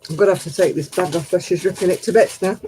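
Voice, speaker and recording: A woman's voice: fairly low pitch, fast, dark tone, a little hiss or hum, rough recording. Chatty woman on a live video call. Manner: chatty, keeps scolding and coaxing a restless dog. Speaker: host of a live stream. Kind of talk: casual live video chat. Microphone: computer or phone on a video call.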